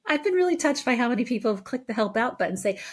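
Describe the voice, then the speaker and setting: A woman therapist as a podcast guest, earnest and animated, laughing easily as she tells stories. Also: fairly high pitch, rapid-fire. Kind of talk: conversational interview.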